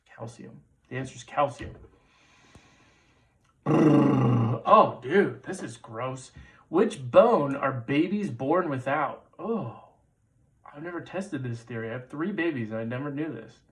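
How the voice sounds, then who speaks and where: A man's voice: medium pitch, a bit bright. A man in his thirties hosting a trivia quiz, repeating questions with playful jokey asides. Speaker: trivia show host.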